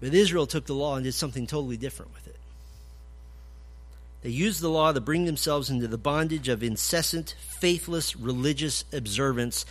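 A man preaching an expository sermon, emphatic, swinging from loud declarations to low, quiet points. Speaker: pastor.

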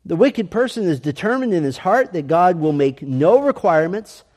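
A man teaching an adult Sunday school lesson, asking earnest, emphatic questions and reading scripture aloud slowly. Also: high voice, sing-song, darkish tone, big-room sound. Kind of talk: Bible lesson.

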